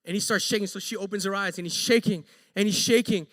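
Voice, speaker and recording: High, lively preacher in an echoing church. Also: male voice, fast. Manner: animated storyteller who acts out quotes. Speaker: pastor. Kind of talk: sermon. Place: church sanctuary.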